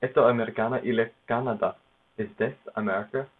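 A man casually narrating his own language practice, halting over foreign words and laughing at himself. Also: mid-range voice, steady tone, husky. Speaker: language learner. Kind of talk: casual self-narrated study session. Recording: tinny phone-like noisy recording.

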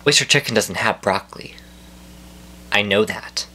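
A young man doing a deadpan, profane comedic rant to camera at home, full of mock outrage. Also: fairly low pitch, normal speed, a little hiss or hum. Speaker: comedy vlogger. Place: at home indoors.

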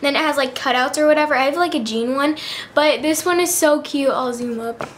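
Bubbly high-voiced teen girl vlogger. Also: fairly quick, a little hiss or hum. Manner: bubbly, chatty, lots of fillers. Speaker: beauty vlogger. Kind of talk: casual chat.

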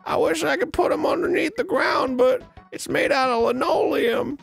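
A talking video game tree with a very high, squeaky falsetto and a cheerful, resigned manner. Behind the voice, faint music plays. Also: male voice, moderate pace, vocal fry, full character voice. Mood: cheery.

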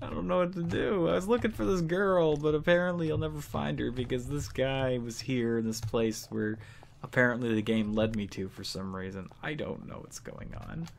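A man's voice: mid-range voice, normal speed, creaky, slight background noise. A man casually commenting on gameplay with irreverent jokes and swearing, as the host of a let's play series. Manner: joking, irreverent, often swears.

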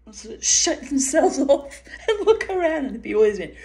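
A woman's voice: sits high, big pitch swings, moderate pace, a little mellow. A woman telling a personal story in a casual way, laughing often and swearing freely.

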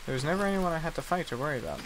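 Rapid-fire and lively in intonation, this young gaming host has a voice on the high side, heard against a noisy background. He chats casually through a survival game, poking fun at himself and pretending to apologize to the animals.

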